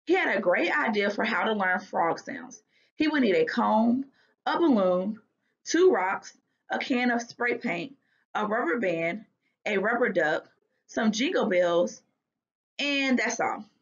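Expressive woman teacher reading a storybook aloud. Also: a little high, a little slow, slightly rough, highs cut off. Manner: expressive read-aloud with lively character voices. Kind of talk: reading a children's book aloud.

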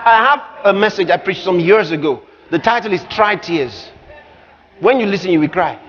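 High-voiced preaching man, shouting emphatically. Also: expressive, normal speed. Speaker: pastor. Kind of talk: sermon. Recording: muffled live recording with crowd and noise.

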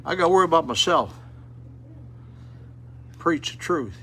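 A man's voice: fairly high pitch, expressive, moderate pace, bright, forceful tone, slight background noise. An older man preaching a sermon at a rescue mission, plain-spoken and folksy with fervent appeals, in an auditorium.

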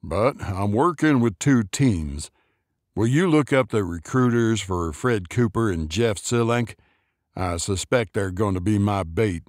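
A gruff older man with a low, menacing edge, as a male narrator puts him on. He barks short, clipped orders and has little patience. The voice sits deep and dry, with no room around it. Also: expressive, unhurried, a little mellow, dry recording.

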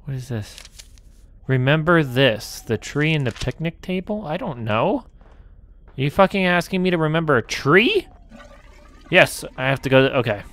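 An animated man with a fairly bright, highish voice speaks at normal speed while playing a horror game for his channel. He chatters to himself, swears often and gets startled easily.

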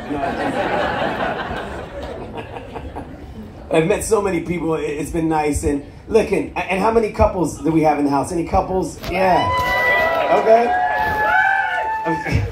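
A man's voice: on the high side, measured pace, long pauses, very noisy. A man doing crowd-work stand-up on a cruise ship, teasing the audience with profane jokes and laughing at his own lines. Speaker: stand-up comedian. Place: cruise ship comedy club. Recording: echoey room, loud crowd laughter.

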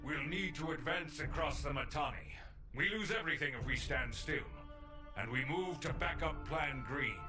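A man's voice: on the high side, normal speed, over music, close to an everyday voice. An actor playing a grim, blunt male war general giving stern orders. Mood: grim commanding. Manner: grave, commanding.

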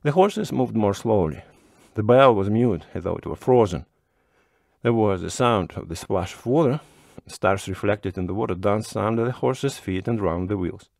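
Low-voiced male storyteller. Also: gravelly, no echo, studio quality. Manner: measured, expressive reading. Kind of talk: audiobook narration.

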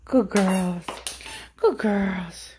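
A woman's voice: mid-range voice, extremely slow, background noise. A woman filming her dogs at home and talking to them in sing-song baby talk. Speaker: dog owner filming her pets. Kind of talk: casual pet-talk vlog. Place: home, indoors.

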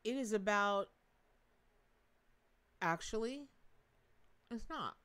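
A woman's voice: medium pitch, animated, takes it slowly, a bit bright. Bubbly chatty woman tarot reader. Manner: bubbly, laughing, Southern-flavored asides. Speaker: tarot reader hosting a live stream. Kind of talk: chatty live-stream reading.

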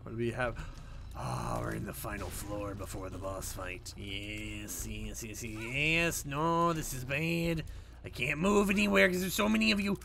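A man giving jokey, animated gameplay commentary as a YouTuber, talking back at the game, with faint game music behind him. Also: mid-range voice, measured pace, gravelly, a little hiss or hum. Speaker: gaming YouTuber.

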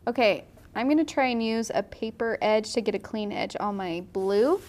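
A woman's voice: medium pitch, lively intonation, normal speed, darkish tone. A woman hosting a live watercolor tutorial, chatting casually and teasing her crew between painting steps. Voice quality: laughs easily, playful and teasing. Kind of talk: casual chat while painting.

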